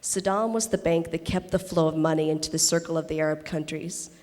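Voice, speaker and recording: A woman's voice: deep voice, fairly even intonation, brisk, a little mellow, lightly acted. A woman reading a monologue aloud, voicing a blunt, opinionated Israeli woman veteran who lectures with rhetorical questions. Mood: insistent. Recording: reverberant convention hall.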